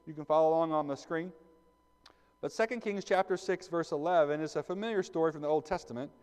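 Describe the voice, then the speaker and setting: A man's voice: fairly high pitch, fast talker, darkish tone, smooth. Guy pastor preaching, chatty, keeps asking the church stuff, echoey sanctuary. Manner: conversational, asks the congregation questions. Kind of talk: sermon.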